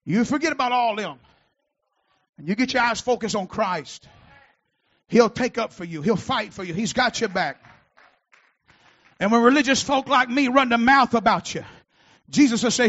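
A man preaching a sermon as pastor, shouting out his lines with rising fervor and dropping low between peaks. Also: animated, moderate pace, long pauses, lo-fi sound.

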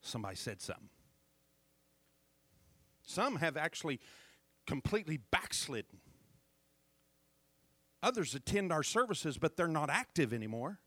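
Lively, slow-paced preacher man. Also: fairly high pitch, no room sound. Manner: call-and-response preaching, repeated "hello?" checks, swings from loud to hushed. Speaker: pastor. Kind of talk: sermon.

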